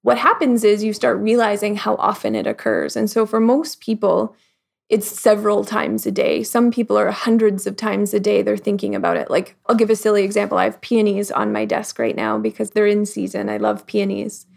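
A woman guest in a casual interview, talking reflectively with lots of "like" fillers and acting out the thoughts she quotes in lively voices. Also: medium pitch, brisk, creaky. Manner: frequent "like" fillers. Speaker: podcast guest.

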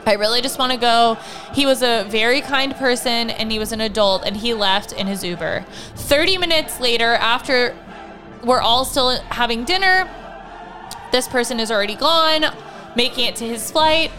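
A woman in her thirties hosting a podcast, telling a story in an animated rant full of swearing and sarcastic mock quotes. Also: fairly high pitch, moderate pace, soft background music. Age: 30s. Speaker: podcast host. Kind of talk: casual storytelling chat.

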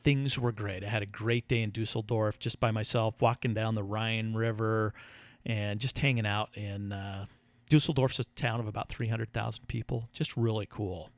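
A man co-hosting a podcast, telling a story in a casual, animated way and acting out what others said. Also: lowish voice, moderate pace, dry recording. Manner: animated, laughing storyteller who acts out quotes. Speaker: podcast co-host.

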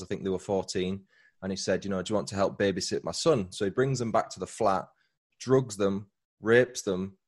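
A man with a British accent, a true crime podcaster, explaining his work in a casual interview. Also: fairly low pitch. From Britain.

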